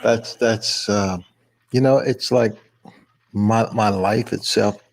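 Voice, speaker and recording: A man speaking softly and graciously as a guest in a casual conversation. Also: lowish voice, fairly even intonation, takes it slowly, rough recording. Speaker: interview guest.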